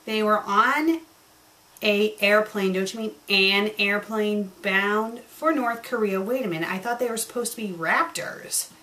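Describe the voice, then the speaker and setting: A woman's voice: medium pitch, a little slow, sharp tone. A woman reviewing fan fiction, reading passages aloud and breaking in with sarcastic, exasperated commentary.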